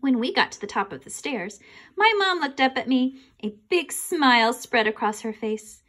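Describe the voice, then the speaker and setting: A woman reading a children's chapter book aloud. Her voice sits high and bounces with lively, expressive swings. She reads with animated storytelling energy. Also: moderate pace. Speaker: reader.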